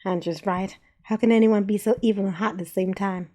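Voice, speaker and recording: A woman voicing a chatty, gossipy female possum who is loud and flirty. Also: medium pitch, steady tone, a little fast, close to an everyday voice.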